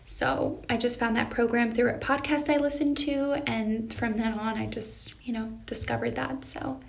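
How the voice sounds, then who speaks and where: A young woman talks casually and earnestly on a live stream, answering viewers' questions as she goes. Her voice sits a little high and has a gravelly, fry-tinged edge. It sounds like a phone or webcam mic in a casual live-stream setup. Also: steady tone, normal speed. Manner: earnest, reflective, reads viewer questions aloud. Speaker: life coach.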